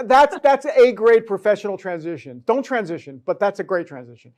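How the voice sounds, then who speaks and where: A man's voice: high voice, sing-song, a little fast, darkish tone. A man hosting a talk show, giving comedic news commentary in a sarcastic, joking way.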